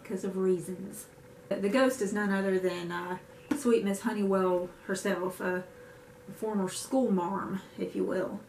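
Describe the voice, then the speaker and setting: A woman's voice: medium pitch, steady tone, unhurried, darkish tone. A young woman vlogger chatting casually to camera about books she loves, with self-mocking asides. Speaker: book vlogger. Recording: echoey room with faint hiss.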